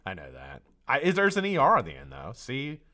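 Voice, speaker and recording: A man's voice: mid-range voice, brisk. A man from the United States hosting a live stream, greeting viewers by name in a loose, chatty way and drifting into tangents. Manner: lively, chatty, jumps between shout-outs and tangents. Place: home studio.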